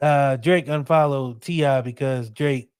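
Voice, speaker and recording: A man's voice: medium pitch, measured pace, a little mellow, clear, resonant tone, no echo, studio quality. A man hosting a podcast in casual chat, laughing easily and reading out headlines. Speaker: podcast host.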